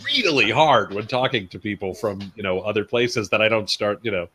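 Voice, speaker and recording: A man's voice: on the low side, expressive, moderate pace, bright, forceful tone, a little hiss or hum. A man co-hosting a casual panel show, friendly and rambling, laughing easily as he talks. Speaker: co-host.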